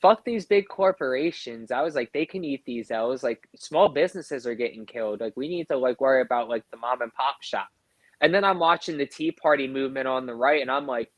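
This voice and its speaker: A man's voice: mid-range voice, lively intonation, brisk, no room sound. A man in his thirties co-hosting a podcast, telling profane, rambling stories in casual chat, packed with fillers and quoted back-and-forth. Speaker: podcast co-host.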